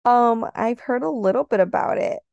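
Young woman podcast co-host, gravelly, fairly high voice, chatty and giggly, dry close sound. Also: moderate pace, a little mellow, no room sound, lo-fi sound. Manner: chatty, laughs often, acts out quotes. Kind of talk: casual chat.

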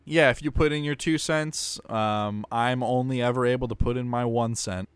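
A man co-hosts a casual podcast with a smooth, resonant voice. He makes dry jokes in a relaxed way. The recording is close and dry, with no room sound. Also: medium pitch, moderate pace, no room sound. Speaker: podcast co-host. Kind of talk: casual chat.

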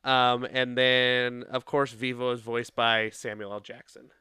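Male co-host, mid pitch, bright and clear, dry close recording; loose, giggly storyteller. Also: monotone, measured pace, dry recording. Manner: rambling and playful, laughs often, many fillers. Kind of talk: casual chat, rambling plot retelling.

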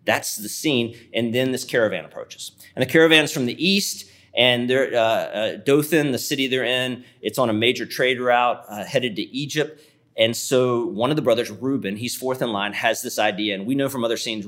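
A man's voice: medium pitch, moderate pace, fairly bright tone. A man preaching a sermon, retelling a scripture story in a vivid, conversational way.

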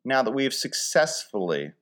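A man's voice: mid-range voice, sing-song, moderate pace, fairly bright tone. A man from Philadelphia hosting a casual comic monologue, rambling with wry, dry humor and mock-grand wording.

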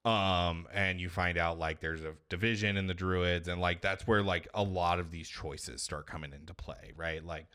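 A man on a podcast, casually retelling a video game story in an animated, profane way. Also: low-pitched, normal speed, few pauses, clean tone. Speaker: podcast co-host.

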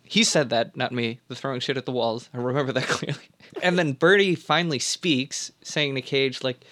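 A man's voice: mid-range voice, normal speed, fairly bright tone. A man co-hosting a podcast, recapping a film plot in a loose, rambling way with lots of fillers. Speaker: podcast co-host. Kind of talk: casual film recap chat.

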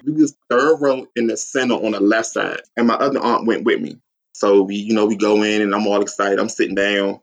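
A man telling a long, excited story in casual chat, acting out quotes and laughing often. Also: brisk. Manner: excitable, acts out quotes with big pitch jumps. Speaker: guest, superfan.

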